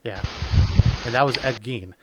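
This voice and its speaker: A man hosting a casual podcast, rambling with lots of fillers and quick laughs. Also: medium pitch, very noisy. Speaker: podcast host.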